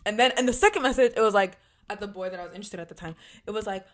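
A woman's voice: medium pitch, racing. A young woman, telling a dramatic story with lots of swearing in casual podcast chat. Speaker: podcast co-host.

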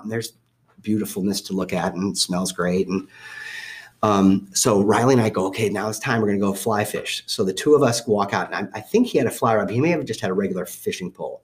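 A man telling a story from his own life. He speaks casually, often corrects himself and restarts, and acts out the voices of the people in it. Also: on the low side. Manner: rambling with self-corrections and restarts. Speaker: father telling a family story.

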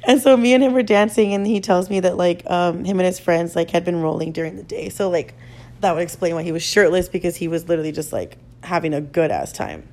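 A woman's voice: fairly low pitch, a little fast, darkish tone. A young woman hosting a podcast who tells a story in a chatty, casual way, swearing freely and using lots of "like" fillers. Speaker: podcast host.

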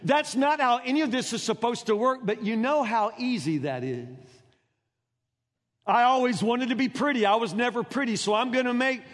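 A man's voice: very high voice, moderate pace, a bit bright. A man preaching a sermon in an earnest manner, often stammering over repeated words and putting questions to his congregation. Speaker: pastor. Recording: long reverb in a large hall.

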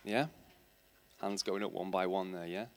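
A man's voice: sits low, steady tone, moderate pace. A man preaching a sermon in church, asking his congregation rhetorical questions and building to emphatic, passionate points. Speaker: teacher.

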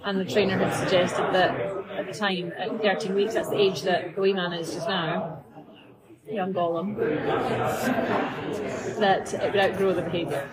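A woman's voice: lowish voice, little pitch movement, moderate pace, pauses often. A woman with a Scottish accent, co-hosting a podcast in casual chat, often laughing. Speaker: podcast co-host, dog behaviourist. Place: busy coffee shop. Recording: noisy café crowd. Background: café crowd chatter.

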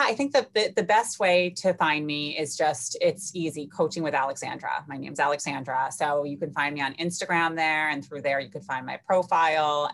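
A woman's voice: low-pitched, fairly bright tone. A woman coach, a podcast guest, chatting casually and affectionately. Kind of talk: casual interview chat.

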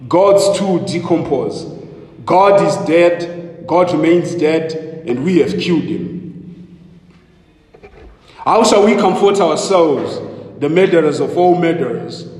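A man's voice: on the high side, expressive, slow, pauses often, darkish tone, pitched above the performer's own voice. A man reading aloud as a frantic male madman, asking question after impassioned question. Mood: anguished. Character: frantic lantern-bearing madman, male, anguished. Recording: echoey hall with long reverb.

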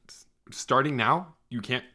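A man's voice: mid-range voice, a little slow, bright, forceful tone. A young man co-hosting a podcast in casual chat, teasing and rambling. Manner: teasing, rambling, laughs easily. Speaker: podcast co-host.

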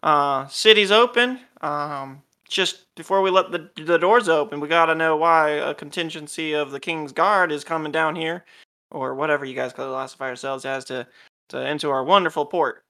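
A man doing a chatty, high-pitched gate guardsman. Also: normal speed, bright, forceful tone, smooth. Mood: friendly, nosy. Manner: casual, hesitant, talkative. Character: chatty male town guardsman at a port gate.

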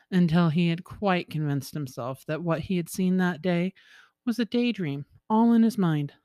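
Expressive woman reading a folktale. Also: low-pitched, no room sound, clean studio sound. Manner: lively, expressive storytelling with chuckles. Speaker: storyteller.

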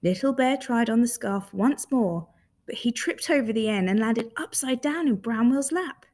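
Expressive woman reading a children's story. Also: fairly high pitch, normal speed. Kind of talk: children's story read aloud.

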